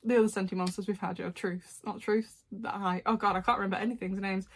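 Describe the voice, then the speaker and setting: A young woman, chatting casually as a fan reviewer, laughing often and adding quick asides. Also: medium pitch, fairly even intonation, breathy edge. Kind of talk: casual chat. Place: dim room at home.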